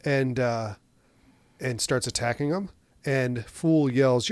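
Male co-host, conversational and animated, mid pitch, dry booth sound. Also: clean tone, no echo. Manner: animated retelling with quick asides and restarts. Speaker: podcast co-host. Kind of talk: casual chat about movies.

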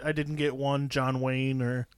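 A man's voice: medium pitch, level tone, measured pace, smooth, no room sound. A man in his thirties co-hosting a podcast in casual chat, cracking dry, sarcastic jokes. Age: 30s. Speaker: podcast co-host.

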